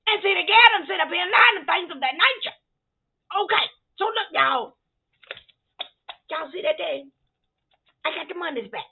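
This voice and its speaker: A sassy older church lady, played by a woman, talking straight to the listeners with plenty of attitude. Her voice sits high and has a gravelly edge. The recording is thin and tinny, like a phone line. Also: expressive, normal speed, long pauses, heavily acted. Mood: fired up. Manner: sassy, addresses listeners as y'all. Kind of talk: comedic character monologue.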